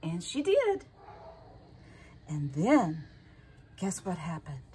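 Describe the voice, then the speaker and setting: A woman telling a story to children in an animated way, often asking the listeners questions. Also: on the low side, very slow, a little hiss or hum. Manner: lively, animated storytelling with asked questions to kids.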